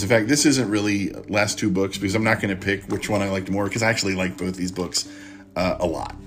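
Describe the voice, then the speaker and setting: A man hosting a podcast, recapping and recommending a book in a halting, rambling way with many restarts. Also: fairly low pitch. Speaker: podcast host.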